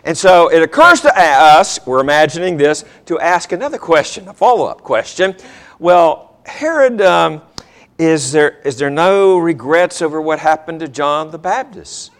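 A man's voice: fairly high pitch, expressive, moderate pace, a bit bright. A man preaching a sermon, telling a Bible story dramatically and acting out the characters.

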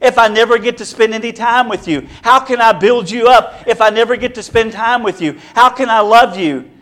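A man's voice: very high-pitched, normal speed, a bit bright. A man preaching a sermon to a congregation, earnest and repetitive, building his point through rhetorical questions.

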